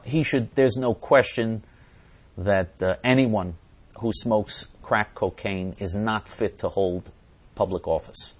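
A man hosting a talk show, answering viewer comments in a blunt, indignant monologue with frequent restarts. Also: lowish voice. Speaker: host answering viewer questions.

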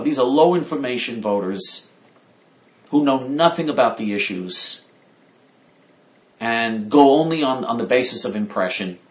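A man delivers heated political commentary. His voice sits at an ordinary middle pitch, and he hammers his points home again and again. The sound is roomy and echoey. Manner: indignant, emphatic, repeats himself.

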